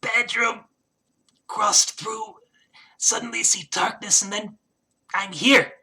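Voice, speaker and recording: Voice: mid-range voice, slow, pushed and bright, husky, pitched above the performer's own voice, exaggerated voice. The game master voicing a small, scared male kobold who squeals and talks in short, broken phrases. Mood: confused, pleading.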